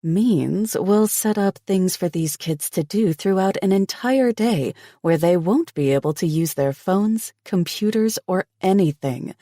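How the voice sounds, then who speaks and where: A man voicing an eager young woman in a romance audiobook, excited and breathy as she talks. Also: a little high, slow pace, no echo, studio quality.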